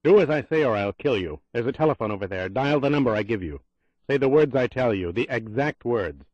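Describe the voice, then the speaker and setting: A man voicing a desperate army major who shouts orders at gunpoint. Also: mid-range voice, animated, fairly quick, dry recording, lo-fi sound, lightly acted. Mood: furious commands. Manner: shouting, commanding.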